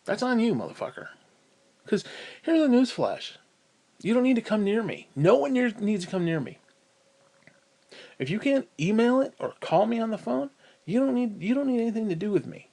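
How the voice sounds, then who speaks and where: A man with a high-pitched voice rants to camera in pain and full of profanity. He swings from loud, heated outbursts down to low, bitter mutters. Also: very animated, moderate pace, creaky, pauses often. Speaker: vlogger. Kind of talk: profane ranting monologue.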